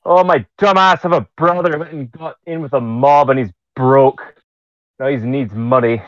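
A man's voice: medium pitch, fairly even intonation, normal speed, no echo, close to an everyday voice. A man voicing a wry, blunt Irish vagabond in an Irish accent, talking offhand and swearing, on a slightly muffled mic.

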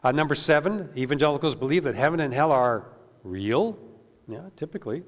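A man's voice: mid-range voice, expressive, brisk. A man pastor giving a conversational sermon, with many "uh"s and repeated words, recorded in a church sanctuary. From Canada. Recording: long reverb of a church hall.

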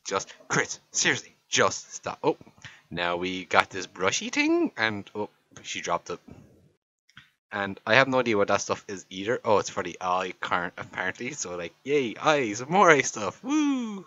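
A young man with an Irish accent riffs over a makeup video, mock-exasperated and teasing. His voice is bright and bouncy, swinging widely in pitch. The sound is dry and a little dull. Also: huge pitch swings, measured pace, no room sound. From Ireland. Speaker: voiceover commentator.

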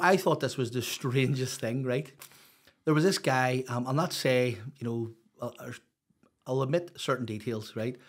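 A husky, medium-pitched male voice belongs to a Northern Irish man guesting on a podcast. He tells his life story in a casual storytelling interview, open and rambling, with lots of "you know."

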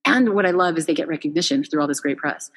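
Husky-voiced woman telling animated stories. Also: low-pitched, fast talker, long reverb tail. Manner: animated storyteller, many restarts and fillers. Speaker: founder and interview guest. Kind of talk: casual conversational interview.

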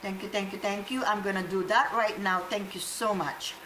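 Filipino woman, vlogger, casual shout-outs, crisp bright voice, echoey room. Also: mid-range voice, steady tone, moderate pace, a little hiss or hum. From Philippines. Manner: chatty, hesitant, fillers and Tagalog code-switching.

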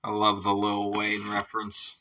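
A man's voice: fairly low pitch, monotone, normal speed, pushed and bright, rough recording. A man hosting a music reaction video from his home studio, talking casually, laughing often and swearing freely.

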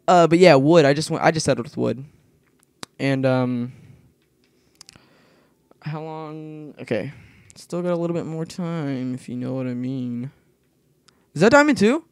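A young man giving rambling, casual commentary while playing a game, excitable and quick to yelp when startled. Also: a little high, no room sound, studio quality. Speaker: gaming video creator.

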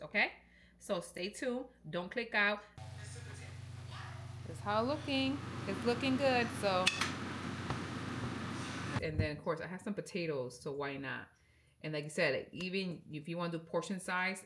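A woman talks to her viewers while she cooks, chatty and encouraging. Her voice sits a little low. It comes through the camera with no mic, with clear noise in the kitchen behind her. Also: a bit bright. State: sick, under the weather. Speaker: vlogger. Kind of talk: casual chat while cooking. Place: home kitchen. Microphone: no mic, camera's built-in mic. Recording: noisy home recording.

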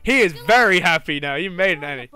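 Brief: young gamer, high bright voice, excitable, prone to sudden shouts and swearing. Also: male voice, quick pace. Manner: excitable, bursts into shouts, swears, teases the characters. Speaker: gaming YouTuber. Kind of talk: let's play commentary.

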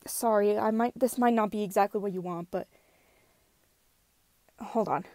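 A woman talking casually between voice takes, with an even, middle pitch. She keeps apologizing and putting herself down as she rambles along. The sound is dry and close. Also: unhurried, dry recording. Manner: apologetic, self-deprecating, rambling. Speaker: fan voice actor. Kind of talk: casual recording-session chatter.

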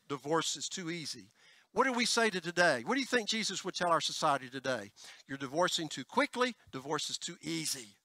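A pastor preaching a conversational sermon, checking in with "folks" and "all right?" and tossing in joking asides. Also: male voice, a little high, sharp tone, dry recording. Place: church sanctuary.

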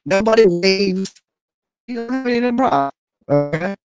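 Animated, high-pitched man livestreaming. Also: moderate pace, soft background music. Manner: animated, joking, rambling, swears casually, calls himself by name. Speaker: livestream host. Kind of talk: casual livestream chat.

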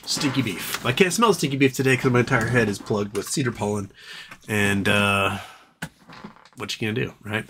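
Speaking at a normal speed with a slightly bright tone, a man hosts a laid-back live stream over light background noise. He jokes around, wanders from topic to topic, reads chat, and babbles to his dog in a high baby voice.

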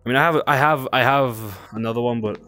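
A young man giving casual commentary while he plays a game, excitable and cooing at a creature in baby talk. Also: medium pitch, fairly quick, faint music behind. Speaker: gaming video creator.

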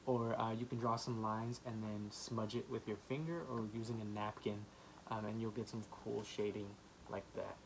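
A man giving a children's art lesson, gently encouraging and talking with many "um" fillers while he draws. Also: on the low side, a little hiss or hum. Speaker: art teacher.

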